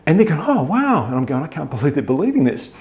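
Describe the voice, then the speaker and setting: An Australian man casually telling a wry, tall-tale story in a relaxed way. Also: medium pitch, racing.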